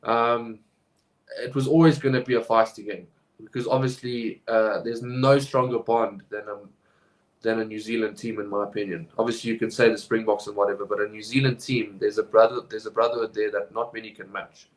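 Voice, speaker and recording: A man co-hosting a casual sports podcast, talking in halting bursts with many fillers and restarts. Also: on the low side, fairly even intonation, low-quality recording. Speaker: podcast co-host. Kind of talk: casual rugby chat.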